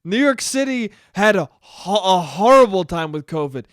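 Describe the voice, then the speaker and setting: A man hosting a solo comedy podcast, rambling along with plenty of swearing and jokes at his own expense. His voice is high and smooth, and the sound is dry and close-miked. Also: very animated, moderate pace, fairly bright tone, no echo. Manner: rambling, profane, self-deprecating. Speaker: podcast host. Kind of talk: casual comedic monologue.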